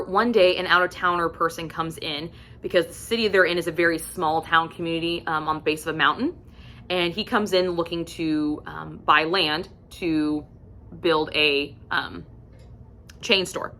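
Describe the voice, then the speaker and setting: A woman casually reviewing books for her vlog, candid and chatty, swearing freely and filling pauses with ums. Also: on the low side, bright, forceful tone. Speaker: book reviewer.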